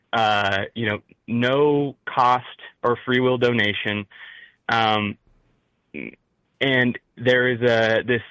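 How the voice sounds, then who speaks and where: A young man with a Midwestern accent talks as a caller, stopping and restarting his thoughts with plenty of fillers. His voice sits at a middling pitch. The sound is dry, with no room echo. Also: sharp tone. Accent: Midwestern American. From rural Midwest. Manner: halting, many fillers and restarts. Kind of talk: call-in talk show conversation.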